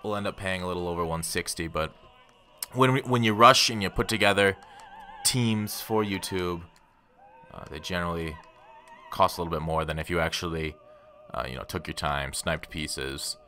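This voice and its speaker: A man's voice: low-pitched, normal speed, bright, forceful tone, faint music behind. A man giving rambling, casual commentary on his gameplay and talking straight to his viewers. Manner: rambling, self-deprecating, talks to viewers. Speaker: gaming YouTuber.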